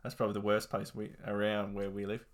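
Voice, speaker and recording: A man's voice: lowish voice, monotone, quick pace. An Australian man co-hosting a casual podcast, laid-back and profane, laughing easily as he chats. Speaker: podcast co-host.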